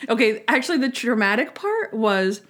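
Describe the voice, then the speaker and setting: A young woman co-hosting a podcast, chatting casually with a giggly, animated storytelling manner. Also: on the high side, normal speed. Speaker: podcast co-host. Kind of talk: casual chat, storytelling and episode review.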